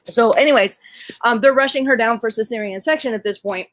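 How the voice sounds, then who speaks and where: Chatty midwife telling a birth story. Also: female voice, on the high side, fairly quick. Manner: animated, conversational, many fillers. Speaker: doula and midwife.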